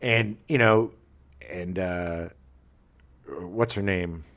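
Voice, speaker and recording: A man's voice: low-pitched, extremely slow. A middle-aged man co-hosting a podcast, chatting casually and telling stories with animation and frequent laughs. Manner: animated storyteller, laughs often. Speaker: podcast co-host. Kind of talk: casual chat.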